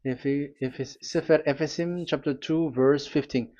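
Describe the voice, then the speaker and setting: A man preaching a sermon and reading scripture aloud. He speaks haltingly, with many restarts and fillers, and turns aside to talk to the technician. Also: on the high side, steady tone, warm tone. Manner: talks to the technician between readings. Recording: dull lo-fi sound.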